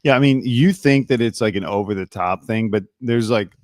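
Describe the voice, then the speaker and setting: A man hosts a casual reaction podcast with a somewhat low voice. He talks in a relaxed, conversational way and steers the topics, recorded dry and close with no room around it. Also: moderate pace, no room sound. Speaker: podcast host.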